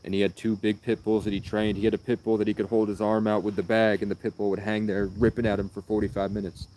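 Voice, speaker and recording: A man's voice: on the low side, flat delivery, fast, warm tone, a little hiss or hum. A man livestreaming, telling long meandering stories in an earnest, rambling way. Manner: meandering, earnest, jumps between anecdotes. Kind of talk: rambling storytelling.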